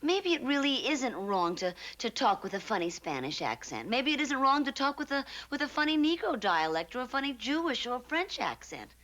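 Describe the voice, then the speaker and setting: An actress playing an earnest, stammering young actress in a 1960s sitcom. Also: female voice, sits high, sing-song, normal speed, hardly any pauses, fairly bright tone, highs cut off. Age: young adult.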